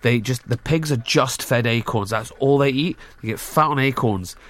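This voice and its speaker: A man's voice: medium pitch, normal speed, a bit bright. A man with a Glaswegian accent hosting a radio show, chatting and teasing his co-hosts in a studio. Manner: joking, teasing, playful. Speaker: radio host. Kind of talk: casual studio chat.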